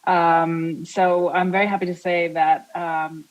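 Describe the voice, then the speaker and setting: A woman's voice: fairly low pitch, level tone, unhurried, dull audio. An American woman, an art historian speaking on a panel over a video link, chatty with frequent fillers. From United States.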